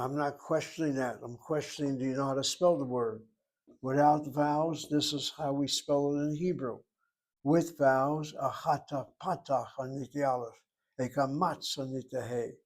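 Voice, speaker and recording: A man teaching a Hebrew class, explaining words and grammar step by step. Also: mid-range voice. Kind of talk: classroom lecture.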